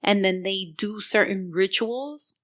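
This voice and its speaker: A woman co-hosting a podcast, telling a story in casual chat, animated and mixing Spanish phrases into her English. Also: mid-range voice, unhurried. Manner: animated, code-switching into Spanish, laughing while telling a story. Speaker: podcast co-host.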